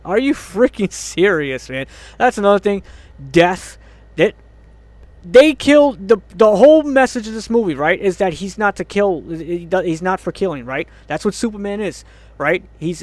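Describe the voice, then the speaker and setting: A movie reviewer with a high-sitting voice, recorded dry, rants angrily about a film. He swears a lot, groans in exasperation, and laughs in disbelief.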